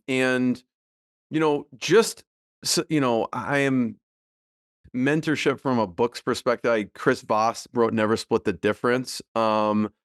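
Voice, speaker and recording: A middle-aged man, a podcast guest, talking casually and thoughtfully with many fillers and soft laughs. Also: fairly low pitch, smooth, no room sound, studio quality. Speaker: podcast guest, business co-founder. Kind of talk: casual interview conversation.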